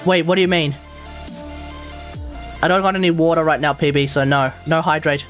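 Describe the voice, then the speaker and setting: A woman live streamer in casual chat, ranting in an animated way and laughing often. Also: sits low, normal speed, faint music behind.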